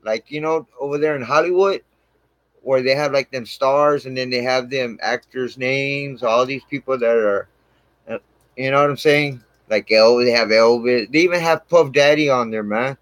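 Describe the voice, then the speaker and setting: A man's voice: mid-range voice, moderate pace, no room sound, poor audio. A man telling his own story on his channel, rambling and swearing heavily, with "man" dropped into nearly every line. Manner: rambling, heavy swearing, frequent "man" fillers. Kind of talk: casual storytelling to camera.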